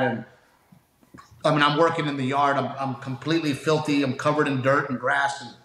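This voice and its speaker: A man's voice: medium pitch, reverberant, a little hiss or hum, rough recording. A man telling stories in a casual podcast interview, acting out the people he quotes and laughing as he goes. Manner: animated storyteller, acts out quoted people, laughs often. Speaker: comedian guest.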